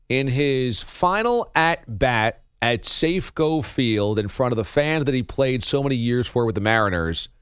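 A man's voice: mid-range voice, smooth, no room sound, clean studio sound. A man hosting a sports talk show, joking around and rattling off baseball stats in a casual, wry way.

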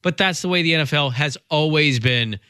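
A man co-hosting a sports talk show, giving opinions in casual, quick-restarting chat. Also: a little high, bright, forceful tone, clear, resonant tone, no room sound, studio quality. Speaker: sports radio co-host.

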